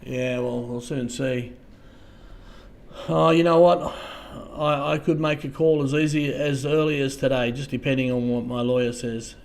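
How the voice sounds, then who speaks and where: Halting Australian man on a livestream. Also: medium pitch, little pitch movement. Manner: halting, repeats words, trails off softly. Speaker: livestream host. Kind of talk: casual livestream chat, answering viewers.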